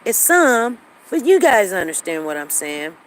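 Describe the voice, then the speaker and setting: A woman's voice: medium pitch, very animated, a little slow, slight background noise, rough recording. A woman, hosting a show and telling a story to her viewers in a casual way, often repeating herself and acting out what others said. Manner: conversational, repeats herself, acts out quoted lines. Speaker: show host.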